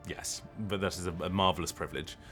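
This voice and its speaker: A voice actor chatting casually on a live stream, rambling and hesitant with lots of ums and restarts. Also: male voice, low-pitched, steady tone, fast, fairly bright tone, soft background music.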